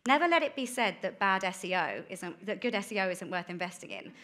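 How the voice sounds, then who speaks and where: A woman giving a candid sermon about her life, told as a chatty story with quick asides. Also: medium pitch, animated, a bit bright. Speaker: guest speaker. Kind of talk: testimony sermon.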